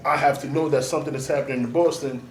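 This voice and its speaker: A man's voice: mid-range voice, fairly even intonation, rapid-fire. Blunt streetwise man, roomy sound. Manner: blunt, streetwise, profane, emphatic. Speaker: artist and DJ manager, guest. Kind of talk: casual interview talk. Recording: roomy, noisy, mic at a distance.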